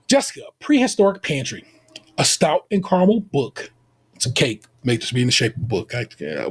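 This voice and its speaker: An American man co-hosts a podcast recapping a baking show, chatting in an animated, playful way full of Southern-leaning slang like "y'all." His voice is medium-pitched and husky.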